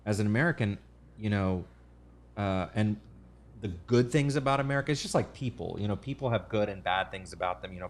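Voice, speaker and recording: Rambling low-voiced man streamer. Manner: rambling, restarts sentences, thanks viewers. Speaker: livestream artist host. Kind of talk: casual livestream chat.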